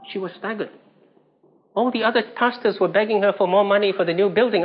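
A man's voice: sits high, fast, slightly rough, muffled recording. A man preaching a sermon, telling a story emphatically and asking rhetorical questions.

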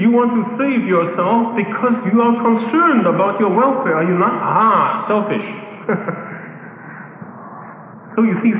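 A man's voice: high voice, slight background noise. A man preaching a sermon, pressing his listeners with rhetorical, teasing questions. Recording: tinny, echoey hall recording.

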